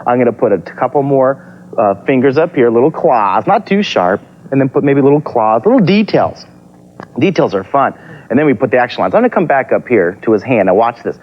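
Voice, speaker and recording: A man's voice: mid-range voice, expressive, quick pace. A man hosting a TV drawing lesson for children, talking upbeat and encouraging as he sketches step by step. Heard from a dull, lo-fi copy of a TV broadcast. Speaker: TV drawing teacher and host.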